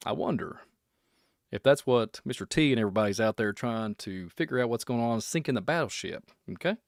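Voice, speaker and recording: A man with a Kentucky accent talks casually to his livestream audience in a middle-pitched voice. He rambles from one speculation to the next and keeps it joking. The sound is close and dry. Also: lively intonation, a little fast, no room sound. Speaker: podcast host.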